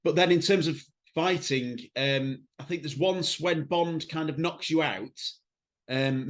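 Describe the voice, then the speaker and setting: A man interviewing a guest, asking long questions with many pauses and fillers. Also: on the high side. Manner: hesitant, lots of fillers while asking.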